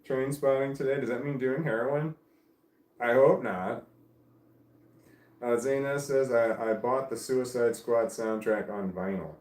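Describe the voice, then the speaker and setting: A man's voice: medium pitch, a little slow, a little mellow, roomy sound. A man casually reading live stream comments aloud and musing on each one. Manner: reads comments aloud and muses on them.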